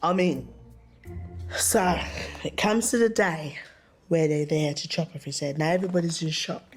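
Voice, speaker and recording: A woman's voice: sits low, moderate pace, faint music behind. Tipsy woman telling history, slangy. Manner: animated, swings into shouty character voices. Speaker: drunk storyteller. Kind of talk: tipsy comic storytelling in London slang.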